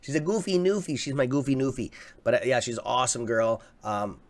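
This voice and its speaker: A Canadian man hosting a casual live stock-market stream, chatty and excitable, swearing freely and reading out viewer comments. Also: medium pitch, brisk. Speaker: livestream host.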